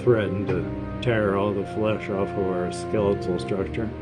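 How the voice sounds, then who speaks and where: A man in his fifties provides gameplay commentary in a lowish, level voice, speaking a little slowly over loud music. He's sarcastic and self-deprecating, rambling between snippets of game text he reads aloud.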